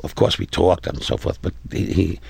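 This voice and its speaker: An older man in his eighties with a New York accent, a comedian telling brash stories in an interview and getting loud at the punchlines. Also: deep voice, fairly even intonation, moderate pace. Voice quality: gravelly. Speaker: comedian guest. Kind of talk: interview anecdotes.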